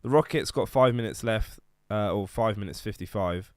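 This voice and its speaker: A man co-hosting a live stream, chatting casually and chiming in with short, joking comments. His voice sits a little low and sounds smooth. The recording is dry, with no room echo. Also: moderate pace. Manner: brief, joking interjections. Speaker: stream co-host.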